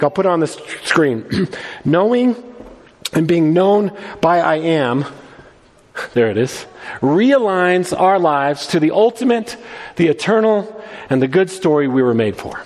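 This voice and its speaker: Pastor guy preaching, fairly high voice, earnest and emphatic, big echoey church hall. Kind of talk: sermon. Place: church service. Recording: long hall reverb.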